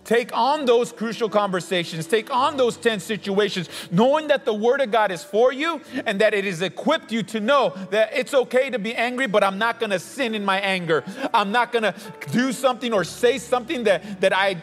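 A man's voice: sits high, moderate pace, hardly any pauses, fairly bright tone. A man preaching in an emphatic way, repeating phrases to drive points home. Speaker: co-host teaching on faith. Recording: long reverb with faint music behind.

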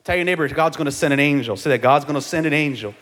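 A male pastor preaching a sermon in a church, calling on the congregation to answer back and rising to shouts at the peaks. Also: fairly high pitch, quick pace. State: sweating from exertion. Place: church sanctuary. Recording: live church sound with long reverb.

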